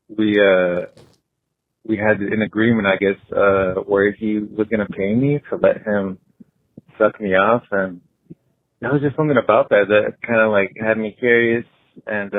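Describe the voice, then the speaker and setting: A man in his thirties leaving a hesitant voicemail confession, full of pauses and fillers. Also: lowish voice, dry recording. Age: 30s. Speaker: caller. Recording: tinny phone line.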